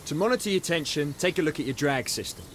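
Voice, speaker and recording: A man voicing a patient fishing instructor in a game tutorial, calm and instructive. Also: on the high side, fast, crowd noise, lightly acted.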